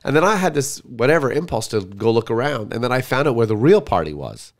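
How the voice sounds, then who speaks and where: Animated man telling a story. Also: mid-range voice, a little fast. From Canada. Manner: animated storyteller acting out quotes. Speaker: comedian guest. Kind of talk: casual storytelling.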